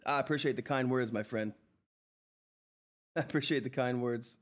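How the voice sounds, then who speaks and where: Seated in a chair at home, a man hosts a live stock-trading stream, reading viewer chat at a moderate pace in a fairly high voice. He's flustered and effusive, excitable in his exclamations, thanking viewers over and over and laughing often.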